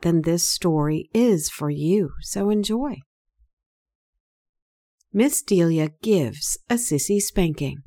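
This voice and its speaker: A woman narrating an erotic story in a slow, deliberate reading voice. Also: medium pitch, mellow.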